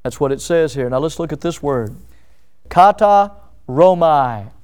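A man's voice: medium pitch, fairly quick, a little mellow. A man preaching a sermon, emphatic, asking rhetorical questions and acting out quotes. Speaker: pastor.

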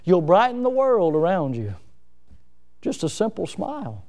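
A middle-aged man preaching a sermon in a folksy, plain-spoken way, with self-mocking humor and lively emphasis. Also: high voice, measured pace.

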